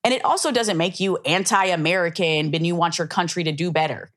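A woman's voice: on the low side, a little fast, fairly bright tone. A woman hosting a podcast, talking passionately and emphatically in a heartfelt casual conversation. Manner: passionate, emphatic, tearful at times. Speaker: podcast host.

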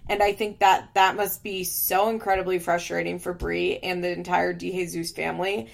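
A woman's voice: lowish voice, level tone, normal speed, gravelly. A woman giving a frank, casual recap of a reality TV show, opinionated and swearing freely.

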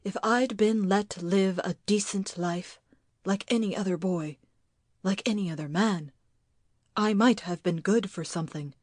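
A bitter grown son who speaks low and clipped, with a grim, resentful edge as a woman reads his part. His longer speeches come out in quick, tight bursts, and the recording is dry and close. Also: no room sound.

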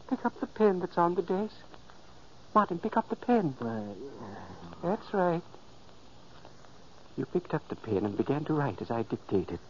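A man's voice: high-pitched, exaggerated voice. An actor playing an elderly man's ghost who narrates solemnly and pleads urgently, in a 1940s radio drama. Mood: coaxing. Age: older. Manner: solemn, pleading, softly commanding. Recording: dull lo-fi 1940s radio recording.

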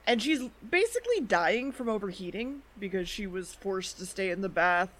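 A woman co-hosting a podcast, casually recapping anime episodes in a chatty way, full of "like" and "um" and quick quoted asides. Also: medium pitch, sing-song, fairly bright tone. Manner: chatty, quoting characters in quick asides, lots of "like" and "um". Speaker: podcast co-host.

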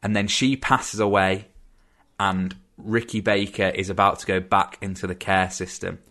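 A young man chatting casually on a film podcast, relaxed and quick to laugh. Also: low voice. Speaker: podcast host.

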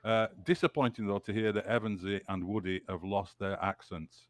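Chatting casually on his football podcast, a host from the Burnley area of northern England keeps restarting words. His lowish voice stays steady at an ordinary pace, and there's no room sound.

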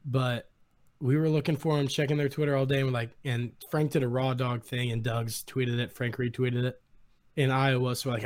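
A young man hosting a podcast, excitedly retelling a story in casual chat. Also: mid-range voice, a little fast. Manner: excited, animated retelling with quoted voices. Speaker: podcast host.

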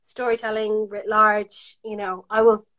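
A woman from Ireland, an actor guesting on a podcast, animated and self-deprecating as she chats. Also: mid-range voice, unhurried. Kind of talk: casual conversational interview.

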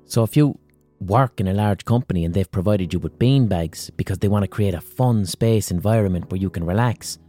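Over soft background music, an Irish man hosting a podcast talks a little fast through a swear-heavy comic ramble. His voice is low, mellow and relaxed in its warmth, and he strings jokes together with loose asides and blunt profanity.

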